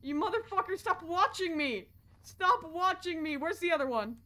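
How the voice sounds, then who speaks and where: A young woman streaming horror games, jumpy and profane, swinging from low muttering to sudden shouts. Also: lively intonation, moderate pace. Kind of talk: live-stream gameplay commentary.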